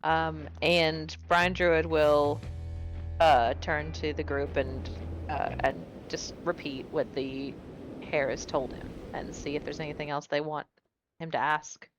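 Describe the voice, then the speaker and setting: Low, unhurried woman player. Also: flat delivery, music in the background, rough recording. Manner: thinking aloud, unhurried. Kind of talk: describing moves in a tabletop game.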